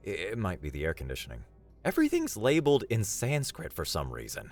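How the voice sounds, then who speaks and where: A man voicing a flustered, panicky young man who babbles nervously and squeaks when desperate. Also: huge pitch swings, a little fast, darkish tone, soft background music, heavily acted. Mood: confused.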